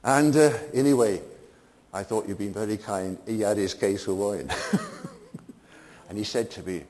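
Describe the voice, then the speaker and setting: An older man preaching a sermon, swinging between emphatic peaks and quiet asides. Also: fairly low pitch, wildly swooping pitch, a little slow, long reverb tail.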